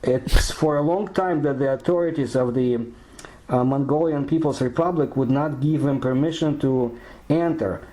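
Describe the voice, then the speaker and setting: Guy, mellow dark voice, slow halting english, lotta ums. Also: medium pitch, rough recording. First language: Russian. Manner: slow, halting, searching for words. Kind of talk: narration in a played video.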